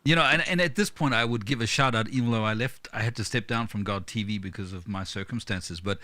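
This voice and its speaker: A man with a South African accent, hosting a casual chat interview, chatty with quick restarts. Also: on the low side, sharp tone, no echo. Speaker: host.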